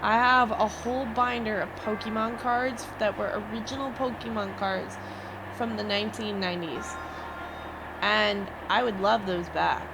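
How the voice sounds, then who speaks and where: A woman's voice: medium pitch, fairly even intonation, measured pace. A young woman streamer venting to her viewers in a rambling, swearing rant. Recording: noisy background.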